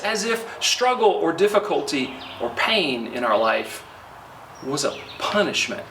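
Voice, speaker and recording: Middle-aged guy preaching outside, pitch bounces all over, kinda far from the mic, echoey, birds faint behind. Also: expressive, bright, forceful tone. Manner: conversational, pauses with fillers. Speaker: pastor. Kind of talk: sermon. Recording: roomy, from a distance, faint outdoor noise.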